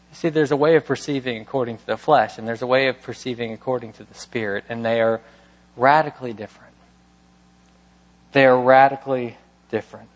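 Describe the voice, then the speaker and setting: A man delivering a sermon from the pulpit, with a voice pitched in the ordinary middle range. He builds his points with rhetorical questions and presses them emphatically, rising in intensity as he teaches. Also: big-room sound. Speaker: pastor.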